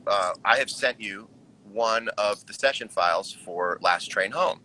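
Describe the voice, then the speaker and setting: A man's voice: on the low side, measured pace, pushed and bright, slight background noise, rough recording. A middle-aged American musician talking casually about his record on a livestream, reflective and joking. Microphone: video call.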